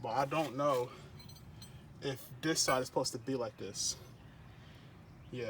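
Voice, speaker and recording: A young man with a medium-pitched voice vlogs casually while working on his car, talking in a laid-back, slangy way. He sounds a bit out of breath under a mask, and there's a little hiss or hum in the recording.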